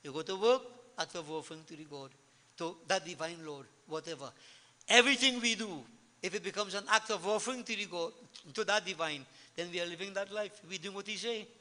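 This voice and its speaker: A man's voice: high voice, a little fast, bright, forceful tone. A man giving an earnest devotional discourse, explaining scripture verses and repeating key phrases. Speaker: spiritual speaker. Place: hall at a religious celebration. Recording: long reverb of a hall.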